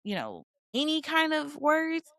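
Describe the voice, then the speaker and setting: A woman's voice: high-pitched, wildly swooping pitch, unhurried, fairly bright tone, no echo, clean studio sound. A woman co-hosting a podcast, giving her opinions casually and thinking aloud with many fillers. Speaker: podcast co-host. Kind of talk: casual discussion.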